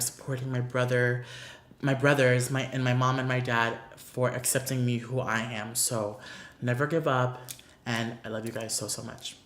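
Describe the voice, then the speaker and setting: A man's voice: mid-range voice, a bit bright, a little hiss or hum. Gushing man vlogger in a roomy space. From Orlando, Florida, US. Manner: gushing, emotional, many "like" fillers. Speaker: beauty YouTuber. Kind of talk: casual vlog Q&A. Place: room with paper backdrop, seated in chair. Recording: roomy echo.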